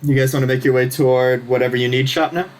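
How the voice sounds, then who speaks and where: A man's voice: medium pitch, steady tone, quick pace. A man narrating a tabletop game as game master, casual and rambling, laughing often.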